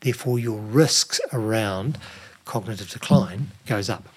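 A middle-aged man, a nutrition expert guest, explaining in a relaxed conversational way with many "you know" fillers. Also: on the low side, unhurried, slightly rough. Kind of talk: conversational interview.

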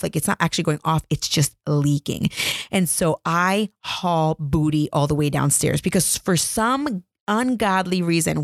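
Woman podcast host, thirties, low gravelly voice, dry close mic, casual storyteller. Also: dry recording. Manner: chatty, laughing, self-deprecating. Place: home. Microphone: podcast microphone.

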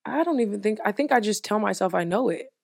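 A woman's voice: mid-range voice, animated, fast talker, creaky, no echo, studio quality. A woman co-hosting a casual chat, brash and profane, laughing often. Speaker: podcast co-host.

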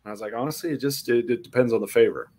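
A man's voice: medium pitch, racing. A man telling a funny story in casual chat, acting out voices and reactions. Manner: animated, acts out voices in quotes.

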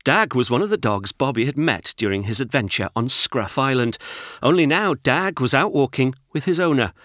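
A man reading a children's storybook aloud in an expressive, lively narration. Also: medium pitch, normal speed, no echo, studio quality.

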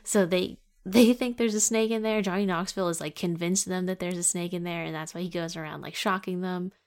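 A woman's voice: fairly low pitch, fairly even intonation, fairly quick, darkish tone, clear, resonant tone. A woman co-hosting a casual podcast chat, giggling often and rambling through long recaps full of "like". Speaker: podcast co-host.

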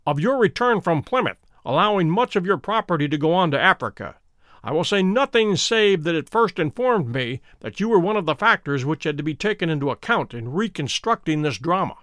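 A man voicing a cool, precise, commanding detective in a dramatic audiobook reading, calm, measured and authoritative. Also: a little high, no room sound, clean studio sound. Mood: stern.

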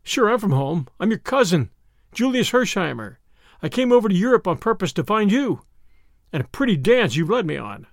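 A man's voice: high voice, big pitch swings, normal speed, no room sound, clean studio sound. A man voicing a bold, cheerful young man who talks in breezy slang. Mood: gentle.

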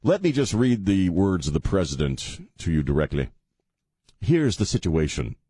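A man's voice: deep voice, very animated, moderate pace, dark tone, slightly rough, no room sound. Sarcastic male radio host, mocking delivery, very dry studio mic. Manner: mocking, sarcastic, laughs at his own jokes. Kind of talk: sarcastic political commentary.

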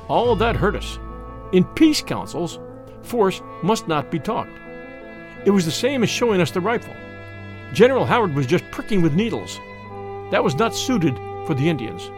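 Man reading a memoir, lively high voice. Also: normal speed, soft background music. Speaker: audiobook narrator. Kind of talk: first-person memoir reading.

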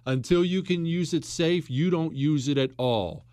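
A man's voice: a little high, moderate pace, clear, resonant tone, no room sound, clean studio sound. A man hosting a political talk show, lecturing emphatically and repeating himself for stress. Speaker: podcast host.

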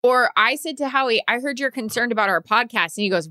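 Playful woman co-host, higher-pitched, dry studio sound. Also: fast, few pauses, no echo. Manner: playful, animated storytelling. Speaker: podcast co-host. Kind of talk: casual chat.

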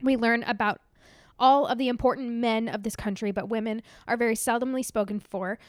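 A woman's voice: on the high side, fairly even intonation, brisk, no echo. Emotional woman podcaster, dry close sound. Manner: emotional, tearful, laughing often. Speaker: podcast co-host. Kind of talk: casual podcast chat, reading a letter aloud.

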